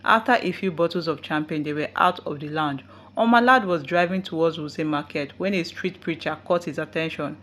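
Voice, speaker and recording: A woman's voice: low-pitched, brisk, fairly bright tone. Woman narrating a folktale. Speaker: storyteller. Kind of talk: scripted story narration.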